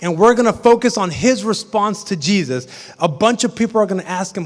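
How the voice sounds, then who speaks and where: A man with a high voice delivers a sermon, telling the story in a relaxed, conversational way with humorous asides. He sounds like a pastor in a church sanctuary, and a long reverb rings after his words. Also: normal speed.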